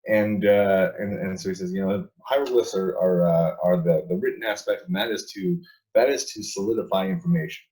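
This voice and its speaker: Low-voiced man, emphatic and repetitive. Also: fairly quick, warm tone, poor audio. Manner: emphatic, restarts often, repeats words. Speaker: guest. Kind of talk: casual conversational interview.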